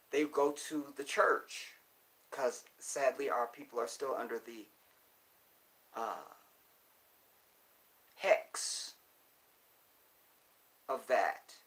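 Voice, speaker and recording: An animated man delivers a casual monologue, driving his points home by repeating them. His voice sits at an ordinary middle pitch, and his pace swings between slow emphasis and quick asides. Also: rough recording. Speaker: commentator.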